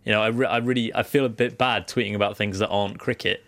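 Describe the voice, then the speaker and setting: A man's voice: lowish voice, steady tone, fast talker, creaky, a bit bright. A man from Guernsey co-hosting a podcast, chatting casually with dry, wry teasing humor. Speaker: podcast co-host. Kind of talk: casual chat.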